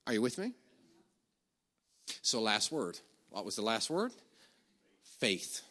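Bright-voiced animated male preacher. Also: lowish voice, takes it slowly. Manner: animated storytelling, shouts quoted commands. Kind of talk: sermon.

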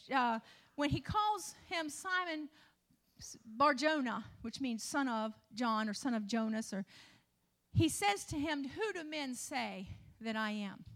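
High-voiced woman preaching emphatically. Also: fairly bright tone. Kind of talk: sermon.

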